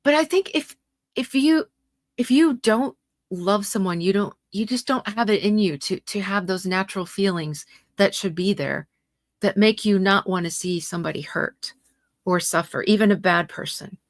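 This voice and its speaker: A woman's voice: medium pitch, normal speed, no echo, clean studio sound. A middle-aged woman hosting a livestream, talking passionately and indignantly, reacting to her viewers' comments. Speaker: host.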